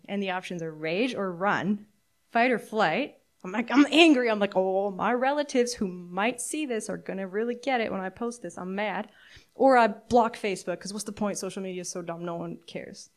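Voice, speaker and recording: A middle-aged woman preaching a sermon, earnest and candid, reflective, with halting restarts. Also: medium pitch. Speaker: pastor.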